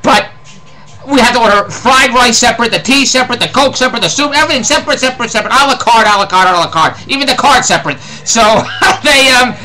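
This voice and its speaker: A man's voice: extremely high pitch, fast talker, pushed and bright, rough recording. A middle-aged man with a Philadelphia accent, ranting in a rambling, exasperated comic monologue and repeating himself. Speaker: host.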